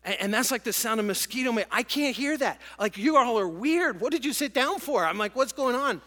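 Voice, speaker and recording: A middle-aged man preaching a sermon to a congregation, telling stories in an animated, emotional way. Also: very high voice, fairly quick. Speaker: pastor. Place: large church auditorium with congregation. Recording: long church hall reverb.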